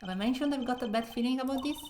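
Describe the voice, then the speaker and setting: A woman's voice: high voice, very fast, darkish tone, slight background noise, natural voice. A woman reading a wry young lawyer. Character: nervous young male defense lawyer.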